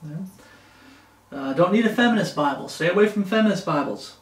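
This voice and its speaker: A man preaches through a Bible passage in a high, insistent voice. He repeats himself and keeps asking "okay?" His voice is picked up from some way off and rings around a reverberant room. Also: lively intonation, fairly quick, distant mic. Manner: emphatic, repeats words, frequent "okay?". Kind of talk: Bible study sermon.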